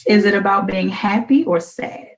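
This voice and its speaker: A woman hosting a radio show, chatting gently and playfully with her young daughter and teasing her with questions. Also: medium pitch, normal speed, low-quality recording.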